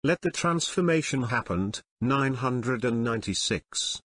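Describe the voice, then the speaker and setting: A man's voice: medium pitch, expressive, measured pace, a bit bright, husky. A man playing a scheming restaurant chef.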